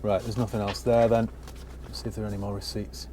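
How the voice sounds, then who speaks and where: A man's voice: on the low side, little pitch movement, quick pace, dark tone, a little hiss or hum. A man giving a casual, dry-humoured walkaround of a used car he has bought, talking from inside the parked car on a cold day. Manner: dry, wry asides.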